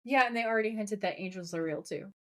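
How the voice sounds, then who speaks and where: A woman co-hosts a podcast in casual chat, recapping a TV episode scene by scene. She acts out the characters' lines in playful, animated bursts. Her voice sits at a middling pitch. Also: fast. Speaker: podcast co-host.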